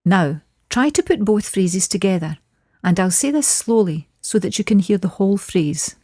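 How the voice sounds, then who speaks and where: A woman teaching a short scripted language lesson, saying phrases slowly and clearly for learners to repeat. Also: mid-range voice, expressive, dark tone, dry recording, clean studio sound. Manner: clear, slow modelling of phrases.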